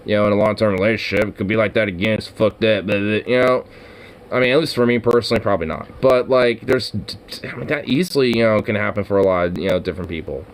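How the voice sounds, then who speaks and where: Low-voiced man rambling casually. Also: fast talker. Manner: rambling, full of "you know" fillers, swears. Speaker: podcast host. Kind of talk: casual reaction chat.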